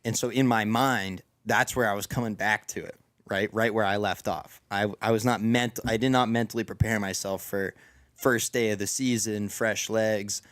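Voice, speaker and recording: A man hosting a casual podcast, telling stories with many restarts, his voice going hoarse after a sick weekend. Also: fairly low pitch, steady tone, moderate pace, a bit bright, no room sound. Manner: rambling storyteller with many restarts. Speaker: podcast host. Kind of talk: casual chat.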